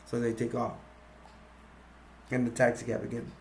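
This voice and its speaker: A man casually retelling a movie plot, rambling and halting with many fillers. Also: mid-range voice, monotone, a little mellow, slight background noise. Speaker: movie recap youtuber.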